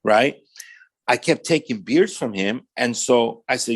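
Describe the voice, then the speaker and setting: A man's voice: mid-range voice, a little slow, breathy edge. A man, a pastor, recounts his own life story for a podcast interview. He talks in loose, slangy everyday speech and jumps into the voices of the people he quotes, acting out their lines as he goes. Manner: animated storyteller who acts out quoted dialogue; casual street slang, often says "man".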